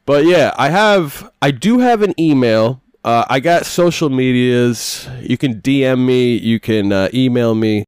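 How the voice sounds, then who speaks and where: A man's voice: mid-range voice, a little slow, hardly any pauses, a little mellow, clean tone, dry recording, studio quality. Profane, rambling male podcast host. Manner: loose, profane, self-deprecating. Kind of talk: casual rambling monologue.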